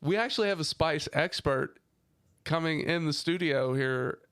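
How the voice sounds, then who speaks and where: A man hosting a podcast, chatting casually and tossing in quick laid-back questions. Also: a little high, fairly bright tone, clean tone, no echo. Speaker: podcast host. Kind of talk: casual chat.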